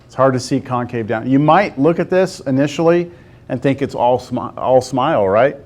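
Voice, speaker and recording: A math teacher with a medium-pitched, slightly mellow voice animatedly teaches calculus to a class. He works through a graph step by step, often pausing to ask the students whether they see it.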